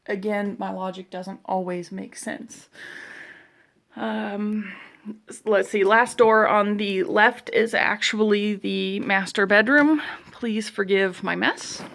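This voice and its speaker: A woman's voice: medium pitch, steady tone, slow pace, gravelly, a bit bright. A young woman walking through her own house, chatting casually with self-deprecating asides and a little out of breath. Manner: walking while talking, a bit out of breath. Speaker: vlogger giving a home tour. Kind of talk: casual walkthrough narration. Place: inside her own house, moving room to room.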